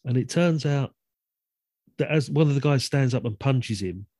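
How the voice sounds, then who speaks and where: A man's voice: medium pitch, moderate pace, darkish tone, no room sound, studio quality. A man co-hosting a podcast, thinking aloud about old comedy films and laughing often. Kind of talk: casual film chat.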